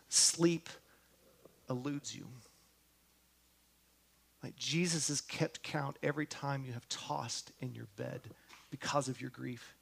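A man preaching a sermon, talking earnestly and straight to his congregation, often asking them questions, his voice sinking to a hush on tender lines and lifting again on words of hope. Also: medium pitch, vocal fry. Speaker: pastor.

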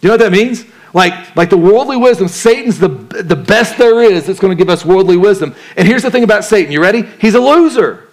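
A man's voice: high voice, expressive, fairly quick, few pauses. Casual, question-asking male pastor preaching. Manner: conversational, asks the congregation questions; uses casual slang and jokes. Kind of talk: sermon.

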